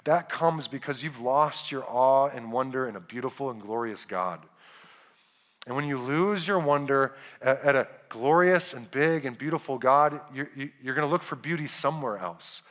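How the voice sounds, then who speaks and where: A man's voice: medium pitch, a bit bright. A man preaching a sermon to married couples, earnest, often checking in with "right?" and restarting his phrases. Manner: earnest, keeps asking "right?" with quick restarts. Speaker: pastor.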